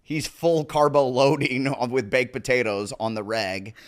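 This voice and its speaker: A man's voice: mid-range voice, steady tone, measured pace. A middle-aged man from Nebraska, a podcast guest in casual chat, who acts out the voices of people in his stories.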